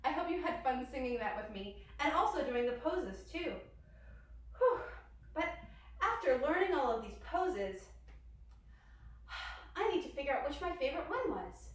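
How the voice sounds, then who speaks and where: A woman's voice: sits high, sing-song, moderate pace, pauses often. A woman leading a children's yoga lesson in a playful, sing-song way, coaxing the kids with questions. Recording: echoey room, distant mic.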